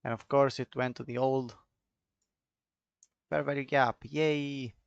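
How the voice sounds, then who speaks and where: A man with an Italian accent talks through charts in a chatty, offhand way, answering viewers as he goes. His voice has a gravelly, fry-tinged edge. The sound is dry and a bit dull, as if from a muffled home mic. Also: medium pitch, little pitch movement, unhurried, no room sound. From Italy. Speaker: trading streamer. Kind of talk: casual live commentary on charts.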